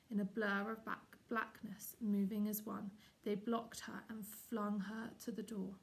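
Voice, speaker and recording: A woman, a teacher, reading a children's chapter book aloud in a steady, expressive way. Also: medium pitch, vocal fry, a little hiss or hum. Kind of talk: storybook read-aloud.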